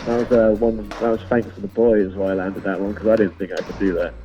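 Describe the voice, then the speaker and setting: A man's voice: fairly low pitch, fairly even intonation, fast, dark tone. A British man, a pro skateboarder, casually recalling sessions in a rambling, chatty way and laughing at his own stories. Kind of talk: casual recollection. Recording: dull sound with music behind.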